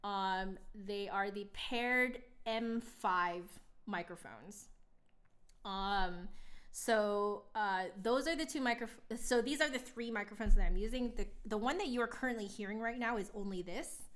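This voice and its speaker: A woman's voice: medium pitch, measured pace, a bit bright. A woman flutist chatting casually on her live stream, explaining things at length with many fillers, close to a microphone in a home studio. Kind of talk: casual chat. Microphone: close mic, gain changed during talk.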